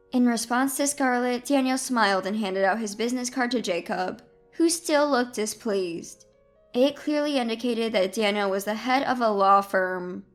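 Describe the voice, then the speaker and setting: Female narrator, composed first-person storytelling, higher voice, faint music bed. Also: normal speed.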